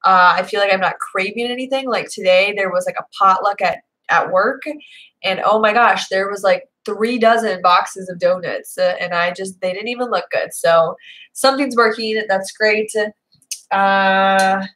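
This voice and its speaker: A woman's voice: mid-range voice, normal speed, a bit bright, poor audio. A young woman hosting a live video Q&A from home, chatting casually and rambling with lots of fillers. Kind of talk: casual live-stream chat. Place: indoors at home, Seattle.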